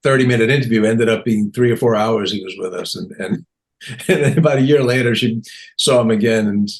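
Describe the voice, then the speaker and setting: A man in his sixties tells stories in a relaxed interview at a medium pitch. He talks animatedly, slips into livelier voices to act out what people said, and laughs along the way. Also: a little fast. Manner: animated, acts out quotes in raised voices, laughs often. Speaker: guest comedian. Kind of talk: casual interview storytelling.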